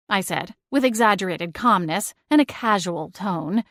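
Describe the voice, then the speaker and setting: A woman's voice: mid-range voice, unhurried, no echo, clean studio sound. Woman narrating a romance audiobook expressively. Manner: expressive, shifting into exasperated dialogue. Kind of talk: first-person audiobook narration.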